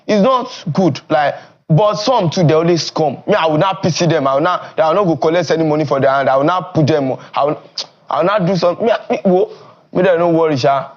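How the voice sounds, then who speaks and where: A young Nigerian man who streams and makes content, chatting in an interview in Nigerian Pidgin English. His talk is animated and often jumps high and loud. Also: fast, dull audio.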